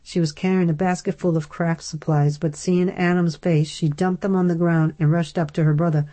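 Low-voiced woman narrating an audiobook. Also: fairly even intonation, normal speed, warm tone.

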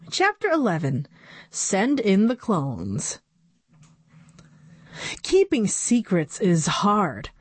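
A woman's voice: mid-range voice, huge pitch swings, very slow, pauses often, slightly rough, no room sound. A woman narrating a children's book in a playful first-person storytelling voice. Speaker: audiobook narrator.

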